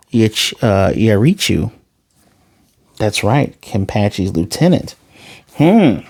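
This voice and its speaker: A man casually recapping and reviewing an anime episode, talking excitedly and rambling straight to his viewers. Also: medium pitch.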